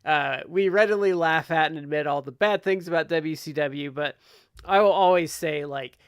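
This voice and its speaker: A podcast host from Ohio chats casually in a fairly high, clean-toned voice at a moderate pace. He rambles, leaning heavily on "like" and restarting often. The audio is dry with clean studio sound.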